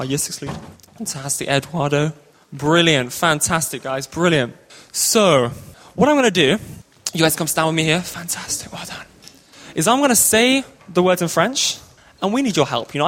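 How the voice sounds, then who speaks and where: High-voiced playful man telling a story. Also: fairly bright tone. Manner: playful, ad-libbing, upbeat. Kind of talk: comic storytelling and song leading.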